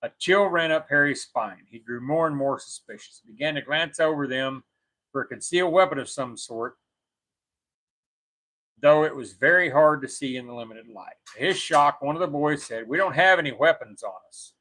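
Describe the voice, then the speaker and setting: A man's voice: on the high side, moderate pace, sharp tone, rough recording. A man co-hosting a show, reading a scary story aloud and now and then correcting his own slips.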